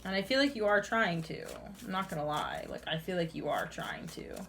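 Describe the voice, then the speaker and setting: A woman's voice: on the low side, animated, normal speed, gravelly, a bit bright, a little hiss or hum. A young woman giving a casual tarot reading, chatty and full of "like"s, laughing often and calling the listener "honey". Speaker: tarot reader.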